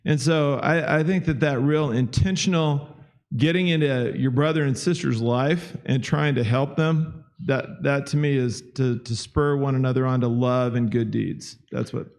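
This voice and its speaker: A man's voice: mid-range voice, normal speed, a little mellow. A man in a church class sharing an example in a casual, rambling way, with many fillers. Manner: chatty, many "you know" fillers. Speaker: class member. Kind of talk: casual group discussion.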